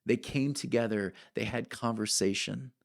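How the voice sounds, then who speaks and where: A male pastor delivering a sermon in a relaxed, conversational way. He has a mid-range voice, pauses often with "um," and checks in with the congregation with "right?" between points. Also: medium pitch, vocal fry. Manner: conversational preaching with frequent "right?" and "um".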